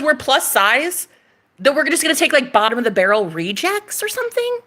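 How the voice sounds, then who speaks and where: Sassy woman ranting at the camera, swearing a lot, bright voice that swings all over. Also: sits high, sing-song, brisk. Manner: sassy, profane, mocking, laughing a lot. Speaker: vlogger.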